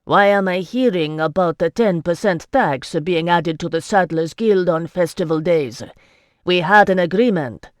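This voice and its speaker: A proud, short-fused nobleman pushes his words hard and sharp, as the narrator voices him. A middling pitch, recorded dry and close with no room around it. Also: animated, a little slow, dry recording, close to an everyday voice. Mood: angry. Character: haughty, hot-tempered male nobleman.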